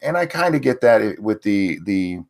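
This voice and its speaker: A man's voice: on the low side, very animated, moderate pace, gravelly. A man hosting a casual podcast chat, reading posts aloud and then ranting bluntly with some swearing. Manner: reads tweets aloud, then rants bluntly with profanity. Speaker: host.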